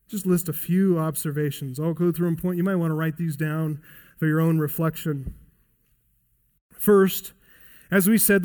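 A male pastor preaching a sermon, speaking earnestly and dropping softer when he quotes scripture. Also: sits high. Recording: long reverb of a hall.

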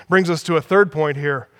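A man's voice: on the high side, a little slow. A man preaching a sermon as pastor, emphatic, building his points through repetition. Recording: long hall reverb.

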